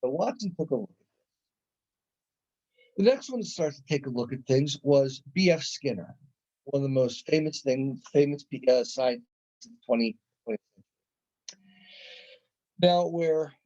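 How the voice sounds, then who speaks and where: Mellow, conversational male lecturer. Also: fairly high pitch, animated, normal speed, pauses often. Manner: conversational, restarts a lot, acts out examples. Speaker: college psychology lecturer. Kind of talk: classroom lecture. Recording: dull lo-fi lecture recording.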